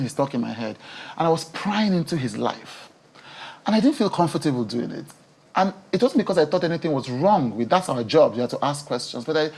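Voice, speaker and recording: Brief: woman, TV talk show host from Nigeria, guest in a studio interview, animated, emotional, quick to laugh. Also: rumbling low, slightly rough.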